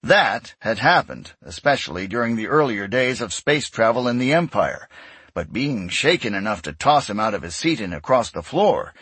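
A man narrating a science fiction audiobook in a steady, measured storytelling voice. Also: fairly low pitch, breathy edge, dry recording. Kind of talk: scripted narration.

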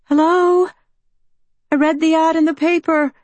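A woman narrator voicing a frightened young pregnant woman, with a high, urgent, pleading delivery. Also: little pitch movement, measured pace, no echo.

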